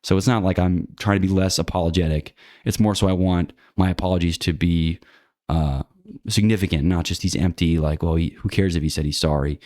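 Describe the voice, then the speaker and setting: A man with a low, deep voice talks through his opinions in a loose, rambling monologue. He restarts sentences, leans on fillers, and turns blunt when something annoys him. The sound is dry and close, with no room around it. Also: steady tone, a little fast, dark tone, no echo. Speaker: channel host. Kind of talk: casual monologue to camera.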